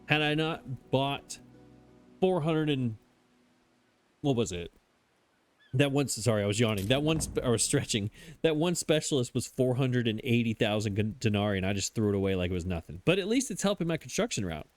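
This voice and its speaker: A man's voice: mid-range voice, animated, normal speed, faint music behind. A man giving casual, self-mocking commentary as he plays a game, chatting and laughing at himself as he goes. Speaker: let's play host.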